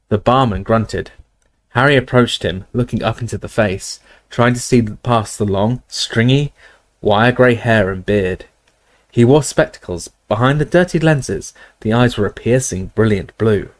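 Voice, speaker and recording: A man reading a novel aloud in steady, measured storytelling narration. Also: on the low side, no room sound. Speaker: audiobook reader. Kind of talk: scripted narration.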